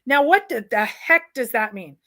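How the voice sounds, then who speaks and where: A woman's voice: on the high side, animated, normal speed, a bit bright, no echo. A woman co-hosting a casual chat, eager and analytical, acting out quotes with animation. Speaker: co-host.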